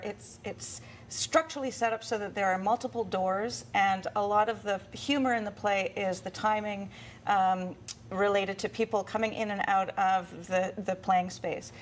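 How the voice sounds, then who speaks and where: A woman's voice: medium pitch, slight background noise. A woman who chairs a theatre's volunteer committee, explaining things at length in a TV interview, with fillers.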